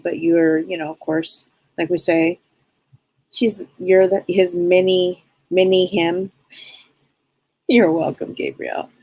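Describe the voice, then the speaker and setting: A woman giving a psychic reading on a live stream, talking in a rambling, halting way with many restarts. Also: on the low side, a little mellow, dry recording. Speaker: psychic medium.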